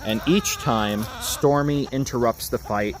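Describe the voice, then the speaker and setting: Filming on his phone in a backyard, a Japanese man chats casually on a livestream about his chickens, calling to them in a gentle sing-song. He's unhurried, with a mid-range voice. Clucking chickens, chirping insects, and steady background noise fill the outdoor recording.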